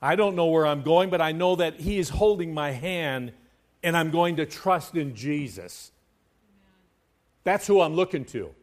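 The pastor's sermon swings from near-whispers to loud, fervent outpourings, with scripture chanted in a lilting, sing-song way. He's a man with a fairly high, expressive voice who takes his time.

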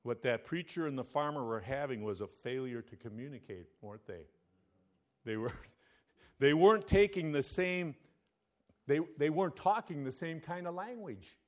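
A preaching man, fairly high voice. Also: lively intonation, moderate pace, darkish tone. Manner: calls out "Amen?" to the congregation. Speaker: pastor. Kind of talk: sermon.

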